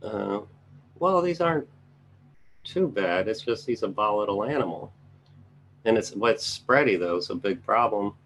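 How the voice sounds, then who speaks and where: A man's voice: on the low side, expressive, moderate pace, pauses often, a bit bright, a little hiss or hum. A man giving casual live market commentary, thinking aloud as he scans charts and making chatty asides to his viewers. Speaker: trading educator reviewing charts.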